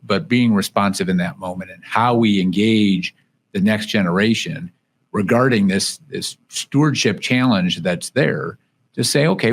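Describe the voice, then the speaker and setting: A man hosting an interview podcast, reflecting thoughtfully and often adding "right?" as an aside. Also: on the low side. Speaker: podcast host.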